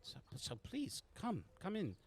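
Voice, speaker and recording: Man playing an older woman tailor in a tabletop game: fussy, fawning, airy, pitched well up. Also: huge pitch swings, unhurried, heavily acted. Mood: flattering. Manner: prim, airy and ingratiating.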